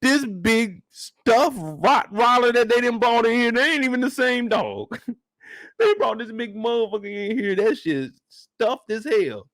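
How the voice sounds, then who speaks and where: A man's voice: very high voice, measured pace, no echo, clean studio sound. A man hosting a comedic reaction rant about a TV episode, swearing freely and breaking into laughter often. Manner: animated, profane, laughing often. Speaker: show reaction host.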